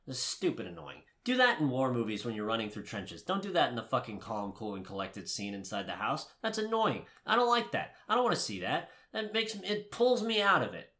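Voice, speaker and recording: A man co-hosting a casual movie review podcast, ranting with lots of swearing, swinging from heated shouting to low muttering. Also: wildly swooping pitch, fairly quick, few pauses. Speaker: podcast co-host.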